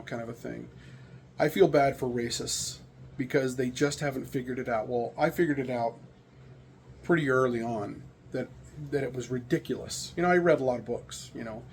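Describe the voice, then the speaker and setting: A middle-aged American vlogger shares stories and opinions in a rambling, candid casual monologue full of fillers. His mid-range voice comes with a little hiss or hum.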